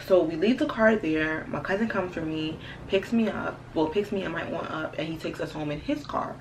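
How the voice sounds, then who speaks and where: Slangy low-voiced young woman vlogger. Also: moderate pace, slight background noise, rough recording. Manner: slangy, profane, animated retelling. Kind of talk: casual storytime.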